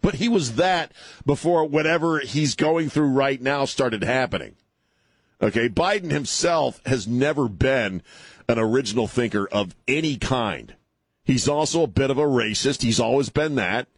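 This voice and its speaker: A man's voice: mid-range voice, expressive, moderate pace, husky, no echo, clean studio sound. A man hosting a talk radio show, rambling and sarcastic, laughing at his own jokes. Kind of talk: casual talk radio banter.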